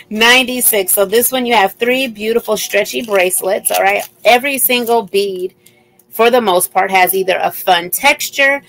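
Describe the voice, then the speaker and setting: Chatty woman with vocal fry, selling jewelry. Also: mid-range voice, low-quality recording. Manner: chatty, repeats item numbers, upbeat selling patter. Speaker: live-stream jewelry seller. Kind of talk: casual live sales chat.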